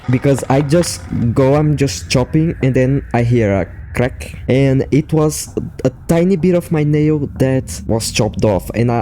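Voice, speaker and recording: Laughing gaming YouTuber, man, mellow voice. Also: mid-range voice. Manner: laughs often, swears, excited reactions. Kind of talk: game commentary mixing live play and scripted explanation.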